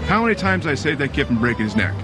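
A man's voice: medium pitch, big pitch swings, racing, over music, close to an everyday voice. An actor playing a hot-headed adventurer father who defends himself indignantly in a film scene. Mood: defensive. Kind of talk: film dialogue.

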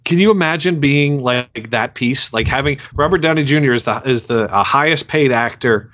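A man co-hosting a movie review podcast, talking in a halting way with many restarts in casual chat. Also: medium pitch, a bit bright. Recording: dull lo-fi audio.

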